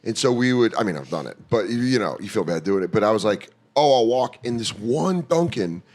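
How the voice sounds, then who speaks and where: A comedian guesting on a podcast chats casually, telling stories and acting out quoted voices as he goes. His voice is fairly low and darkish, sing-song in its delivery, and fairly quick.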